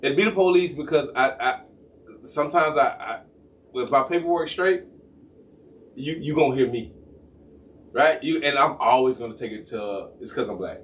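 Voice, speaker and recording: A man's voice: mid-range voice, moderate pace, long pauses, far from the mic, slight background noise. A man telling a long profane story in casual chat, acting out the voices of each person in it. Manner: animated, profane, acts out both sides of a story. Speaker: podcast co-host.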